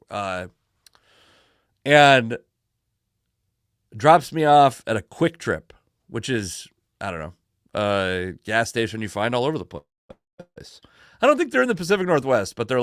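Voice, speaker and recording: A man spins a rambling, animated story on a sports talk show, backtracking and cursing as he goes. He sounds worn out from lack of sleep, and his voice sits at an ordinary middle pitch. The recording is close and dry, with no room sound. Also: dry recording. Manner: rambling, animated anecdote with restarts and swearing. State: exhausted from no sleep. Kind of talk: casual storytelling on a sports podcast.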